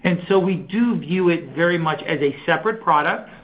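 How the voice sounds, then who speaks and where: A man's voice: fairly high pitch, normal speed, highs cut off. A man, a company executive, answering analyst questions on an earnings call in an enthusiastic, conversational way with many fillers.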